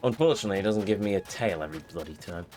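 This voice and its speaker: A man's voice: low voice, expressive, very fast, darkish tone, a little hiss or hum. A man doing casual, rambling gameplay commentary with wry grumbles. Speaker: let's play host. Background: game music.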